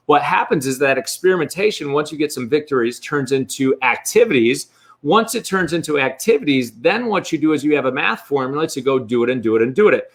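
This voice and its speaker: A man with a fairly high voice, speaking bluntly and swearing freely. He talks as a coach giving straight answers in a candid interview. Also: animated, fairly quick. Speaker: real estate coach, guest.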